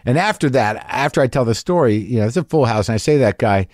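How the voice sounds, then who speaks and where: A man's voice: medium pitch, lively intonation, fast talker, darkish tone, no echo, studio quality. Rambling middle-aged male comedian. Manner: rambling, self-interrupting with repeated words; voice rises sharply when acting out audience members. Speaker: podcast host and comedian. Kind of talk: casual storytelling monologue.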